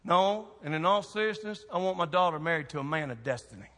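High-voiced pastor preaching. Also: male voice, animated, fast, fairly bright tone, long reverb tail. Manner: storytelling, folksy and emphatic. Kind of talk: sermon.

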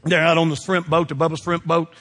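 A husky, high-pitched man preaching to his congregation, emphatic and full of call-outs. His voice rings with the long reverb of a big church sanctuary. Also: level tone, quick pace, bright, forceful tone. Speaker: pastor. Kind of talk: sermon. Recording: long reverb of a large hall.

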